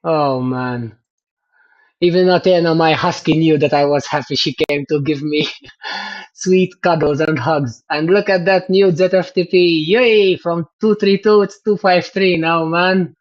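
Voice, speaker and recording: A man with a fairly high voice chats to his livestream viewers at an unhurried pace. He keeps breaking into excited exclamations. The audio is dull and lo-fi. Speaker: streamer reviewing his race results. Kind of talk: casual livestream chat.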